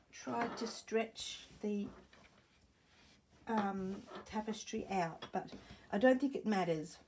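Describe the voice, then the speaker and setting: A woman's voice: medium pitch, mellow. A woman chatting and thinking aloud in a casual crafting vlog at home, rambling and correcting herself as she goes. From Australia. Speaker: sewing crafter. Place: home room with a wooden floor. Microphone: camera set up nearby.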